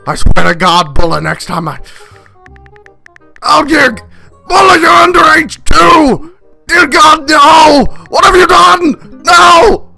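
A man voicing a hot-tempered, proud alien warrior father in a comedic reaction parody, foul-mouthed and indignant, with a gravelly voice. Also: a little high, little pitch movement, a little fast, few pauses, pushed and bright, faint music behind, full character voice. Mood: outraged shouting.

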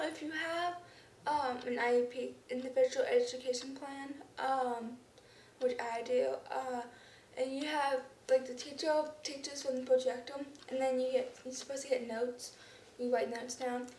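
A young woman vlogging casually, rambling with lots of ums and restarts, her speech slightly unclear. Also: high-pitched. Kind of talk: casual vlog to camera. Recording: roomy echo, somewhat far from the mic, faint background noise.

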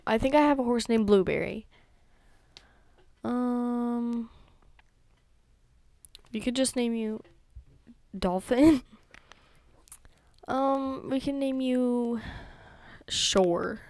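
A woman's voice: a little high, takes it slowly, pauses often, a little mellow, no room sound. A young woman giving chatty gameplay commentary, talking to herself and to her horses with many ums and whispered asides. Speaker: gaming YouTuber.

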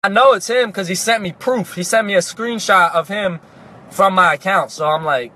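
A young man casually telling a comic story, animated and profane, breaking into sudden shouts. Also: sits high, moderate pace. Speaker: comedic storyteller.

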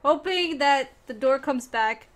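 This gaming streamer is a young woman whose high voice has lively intonation and an unhurried pace. She gives casual gameplay commentary, bantering playfully with her teammates and chat and often dissolving into giggles.

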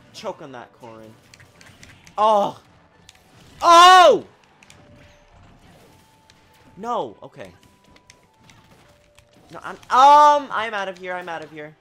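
A man giving excitable live commentary while playing a video game, talking at the screen and swinging from low mutters to sudden shouts. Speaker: gaming channel host.

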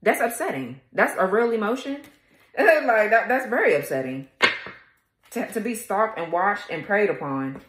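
A woman's voice: medium pitch, expressive, normal speed, reverberant. A woman doing a casual tarot reading for her viewers, blunt, sassy and full of swearing. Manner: talks straight to viewers, laughing at times. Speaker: tarot reader.

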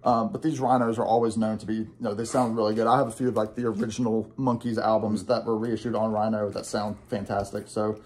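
A man's voice: on the low side, flat delivery, fast, hardly any pauses, a little mellow. A young man chatting casually and rambling enthusiastically, with lots of fillers, about records he bought. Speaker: guest record collector.

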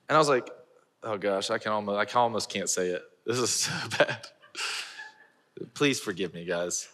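A bright, forceful male pastor preaching in a large church auditorium, his voice carried by a long reverb. He tells stories with animated energy and laughs at himself, then turns to scripture. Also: fairly low pitch, fairly quick. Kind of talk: sermon with personal storytelling.

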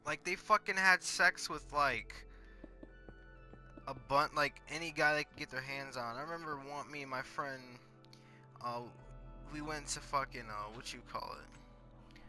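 A man's voice: mid-range voice, unhurried, pauses often, pushed and bright. A teenage boy telling crude stories in casual, rambling talk full of fillers and swearing, over faint music. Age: teens. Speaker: storyteller.

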